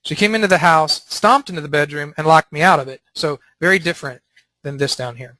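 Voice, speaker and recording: A man leading a Christian teaching panel, talking in an animated way and acting out quotes. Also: fairly high pitch, a little fast, a little hiss or hum.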